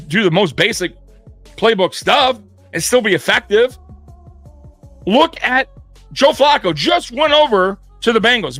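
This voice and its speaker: A man's voice: sits high, sharp tone, no room sound. A man hosting a sports show, ranting in a blunt, profane, fired-up way. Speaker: sports podcast host. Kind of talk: heated sports rant.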